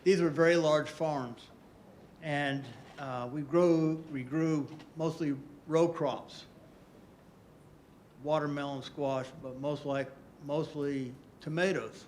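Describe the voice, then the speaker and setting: Older male conference speaker from Southwest Florida, folksy storyteller, fairly high voice, faint hum behind. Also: steady tone, takes it slowly, darkish tone. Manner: folksy, storytelling, repeats for emphasis. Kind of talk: conference talk.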